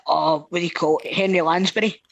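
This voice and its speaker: A man's voice: on the high side, steady tone, brisk, gravelly, a bit bright. A man with a Scottish accent co-hosting a football podcast, blunt and swearing freely in casual chat. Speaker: podcast co-host.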